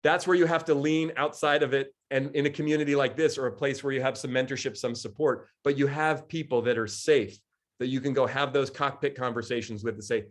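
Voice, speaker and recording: Animated man coaching a group. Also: mid-range voice, fairly quick. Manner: lively, acts out quoted voices, laughs often. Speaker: coach and speaker. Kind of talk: live coaching talk to a group.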